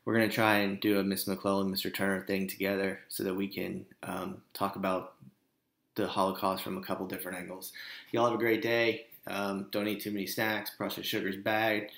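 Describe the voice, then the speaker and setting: A man's voice: deep voice, flat delivery, a little fast, creaky, fairly bright tone, roomy sound. A man, a history teacher giving a casual, joking recorded lesson to his students. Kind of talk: recorded online class lecture.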